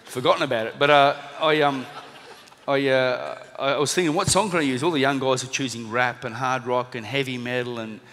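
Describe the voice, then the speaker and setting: A man with an Australian accent telling a lively story to a live audience, acting out the people he quotes. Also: mid-range voice, normal speed. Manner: animated storyteller, acts out quotes. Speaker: speaker at a seminar. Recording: long reverb of a hall.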